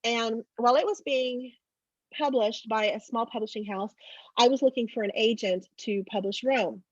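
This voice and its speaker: An animated woman in her forties or older tells family stories as an author on a video call, acting out the people in them. Her voice sits a little high and has a husky edge. The call audio is dry and dull. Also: normal speed, no room sound. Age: 40s or older. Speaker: author and literary agent. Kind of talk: virtual fundraiser interview, storytelling.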